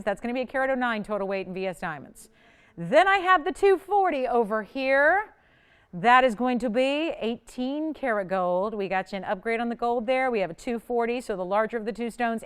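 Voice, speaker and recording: A woman hosts a live home-shopping show from a TV studio. Her voice is smooth and a little high, and her delivery is chatty and excitable, with steady pressure to buy right away. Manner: chatty and excitable, pushing urgency. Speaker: shopping channel host.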